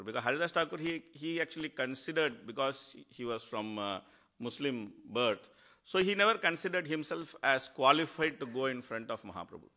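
Man, animated devotional storyteller, bright forward tone. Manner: animated storytelling, acts out quotes with rising pitch. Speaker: speaker at a devotional class. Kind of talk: devotional talk.

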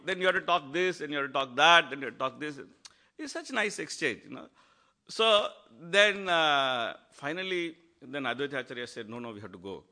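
Man, animated devotional storyteller, bright forward tone. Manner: animated storytelling, acts out quotes with rising pitch. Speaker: speaker at a devotional class. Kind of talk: devotional talk.

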